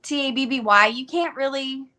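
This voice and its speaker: A woman's voice: sits high, normal speed, sharp tone. A woman with a Southern American accent, co-hosting a casual live-stream chat on a video call, giggly and full of "like". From southern United States. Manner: chatty, giggly, lots of "like" fillers. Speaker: readathon co-host.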